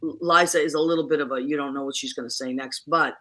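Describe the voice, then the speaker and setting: A woman hosting a casual chat show, talking in a chatty, animated way. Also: sits low, fast. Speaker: host.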